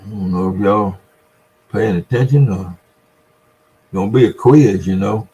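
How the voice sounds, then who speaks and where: A man's voice: fairly low pitch, measured pace, mellow, low-quality recording. An older man with a Southern US accent, rambling through folksy stories in a casual livestream and chatting with his viewers. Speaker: livestream host. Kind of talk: casual livestream chat, reading viewer comments.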